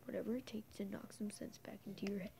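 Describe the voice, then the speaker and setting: A woman voicing a ruthless employer of a hired killer, giving clipped orders in a low whisper over a faint hiss. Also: steady tone, quick pace, creaky, dark tone, natural voice. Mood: pleading.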